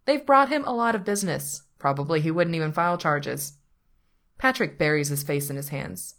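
Woman narrator, low voice, reading a story, even and unhurried. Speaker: story reader. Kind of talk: reading fan fiction aloud.

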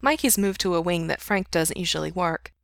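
Woman reading a story out loud, lowish voice, dry close sound, steady and unhurried. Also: creaky, no echo. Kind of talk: reading fan fiction aloud.

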